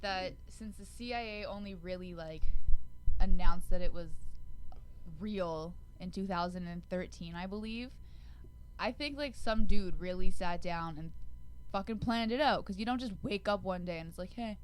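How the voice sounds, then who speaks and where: A woman's voice: fairly low pitch, moderate pace, clean tone, rough recording. A young woman co-hosting a podcast, talking bluntly in casual slang with plenty of swearing. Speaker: podcast co-host. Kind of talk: casual chat.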